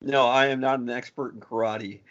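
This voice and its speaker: A man's voice: medium pitch, steady tone, normal speed, fairly bright tone. A man co-hosting a podcast, joking around and laughing easily, sometimes mock-solemn. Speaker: podcast co-host. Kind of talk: casual chat. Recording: dull lo-fi podcast audio.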